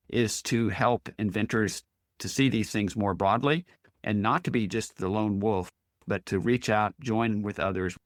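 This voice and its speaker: A man's voice: on the low side, no echo, clean studio sound. A man hosting a podcast interview, speaking earnestly and encouragingly as he sums up his guest's points. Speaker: podcast host. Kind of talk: casual interview chat.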